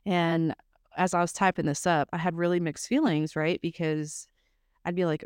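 A woman's voice: lowish voice, normal speed, clean tone, no room sound, studio quality. A young woman from South Mississippi co-hosting a true crime podcast, blunt and joking with frequent swearing. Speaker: podcast co-host. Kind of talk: casual true crime chat.

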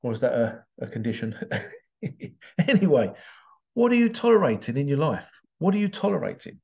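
A man's voice: medium pitch, sing-song, normal speed, vocal fry, darkish tone, dull audio. An Englishman hosting a podcast in a casual solo monologue, rambling and digressive with frequent chuckles. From England. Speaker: podcast host.

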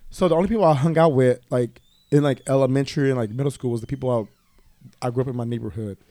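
A man's voice: medium pitch, racing, no room sound. A man telling a personal story in casual chat, swearing often and acting out other people's voices. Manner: animated, profane, quotes others in voices. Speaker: guest.

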